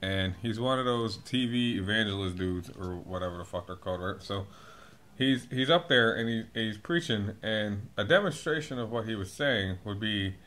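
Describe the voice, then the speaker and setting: A man's voice: lowish voice, expressive, moderate pace, a bit bright. A man delivering a profane comedic rant, swearing constantly in a laid-back drawl that flares up in exasperation. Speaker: vlogger.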